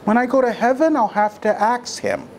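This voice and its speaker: A man voicing a calm, quick-witted woman of faith who answers questions matter-of-factly. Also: extremely high pitch, creaky, slight background noise, full character voice.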